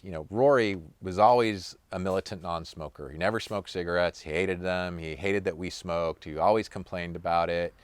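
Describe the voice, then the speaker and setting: Low-voiced man, dry close sound. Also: normal speed, few pauses, clear, resonant tone, dry recording. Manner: relaxed, many fillers like "you know". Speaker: touring punk musician. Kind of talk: storytelling anecdote.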